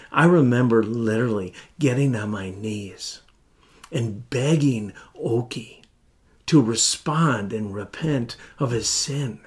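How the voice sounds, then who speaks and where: Slow, earnest male pastor preaching. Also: lowish voice, a little mellow. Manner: slow, earnest, heartfelt delivery with deliberate pauses. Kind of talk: sermon.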